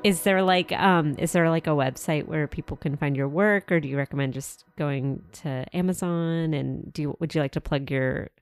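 A woman's voice: deep voice, moderate pace, hardly any pauses, smooth. A woman podcast host asking a guest loose, friendly questions. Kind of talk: casual interview.

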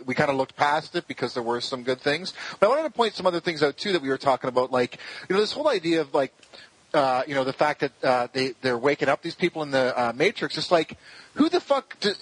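A man's voice: a little high, a bit bright, no room sound, low-quality recording. A man co-hosting a podcast, chatting casually and profanely about a movie with lots of fillers. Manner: swears heavily, rambling with many fillers. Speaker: podcast co-host.

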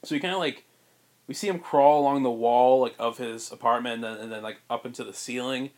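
A man co-hosting a podcast, pitching a story in rambling casual chat with many fillers and frequent laughs. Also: steady tone, fairly quick, darkish tone. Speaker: podcast co-host.

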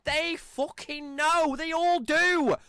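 A man's voice: very high voice, fairly even intonation, slow pace, bright, forceful tone, no room sound, studio quality. A man hosting a podcast, delivering a profane, rambling and mocking rant on his own. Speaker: podcast host. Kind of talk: ranting podcast monologue.

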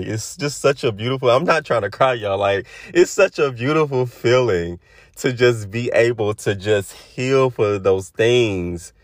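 A man in his twenties hosts his own podcast, speaking to his listeners in a heartfelt, reflective monologue and calling them "y'all." His voice sits on the low side, and the recording is clean studio sound with no room echo.

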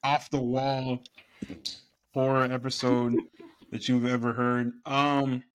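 A man hosting a casual podcast with friends. His voice sits at an ordinary middle pitch, and he rambles loosely, often stopping to hunt for the right word. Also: little pitch movement, slow pace. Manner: loose, rambling, searching for words. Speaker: podcast host. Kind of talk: casual chat.

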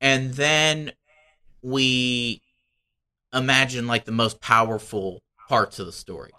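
A man co-hosting a podcast, telling stories in a halting way with many restarts. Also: mid-range voice, steady tone, pushed and bright, clean tone. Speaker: podcast co-host. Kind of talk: casual chat.

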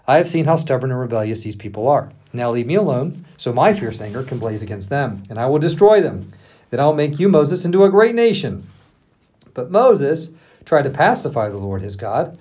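A male pastor reading scripture aloud on a podcast, acting out the quoted speech and pausing for the odd aside. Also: medium pitch. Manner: expressive reading, acting out the quotes with laughs between.

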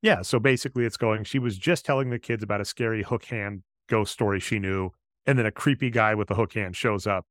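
A man's voice: lowish voice, fairly quick, no echo, studio quality. A man co-hosting a podcast who breaks down film writing in an analytical, explanatory way during casual chat. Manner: analytical, explains storytelling basics. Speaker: podcast co-host.

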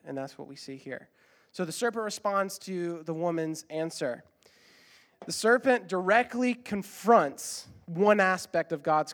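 A man preaching a sermon, earnest and emphatic, repeating exhortations and slipping in ums and uhs as he explains. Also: high voice. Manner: uses fillers like um and uh when explaining. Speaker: pastor.

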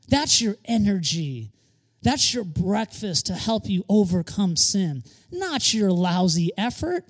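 A high-pitched man preaches a sermon with an emphatic, lively delivery. He drives points home by repeating key phrases and lightens things with quick joking asides. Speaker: pastor.

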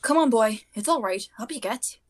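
Reader doing a bossy strict teacher lady, high and sing-song, barking orders. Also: lively intonation, moderate pace. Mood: stern. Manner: commanding, clipped orders. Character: stern brisk female flying teacher. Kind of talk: reading a novel aloud.

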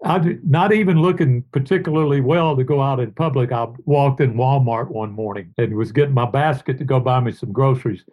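A man's voice: mid-range voice, brisk, few pauses, low-quality recording. An older man, a guest telling long, rambling stories in a casual interview. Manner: rambling, warm anecdotes, sings made-up tunes.

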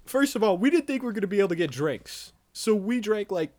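A man's voice: high-pitched, big pitch swings, fast talker, a little mellow. A young man hosting a podcast, telling a rambling, profane drinking story in casual chat. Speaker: podcast host.

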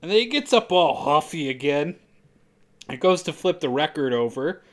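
A woman's voice: low-pitched, very animated. Woman joking through a film recap. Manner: recaps a film plot in a joking way, putting on quick silly voices for its characters. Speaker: podcast co-host recapping a film. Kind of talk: casual chat.

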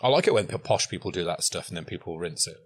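A man's voice: deep voice, lively intonation, fast, slightly rough. A man co-hosting a podcast, chatting casually with sweary, dry banter. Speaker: podcast co-host. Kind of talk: casual chat.

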